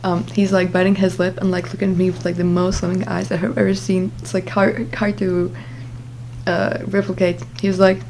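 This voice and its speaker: A woman's voice: lowish voice, flat delivery, moderate pace, a little mellow, slight background noise. A young adult woman vlogger telling a casual story in a chatty way, full of fillers and asides.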